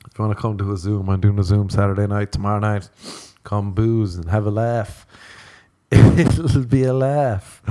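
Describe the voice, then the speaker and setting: A young man with a lowish, dark voice hosts a comedy podcast on his own. He tells a rambling, profane story and laughs his way through it.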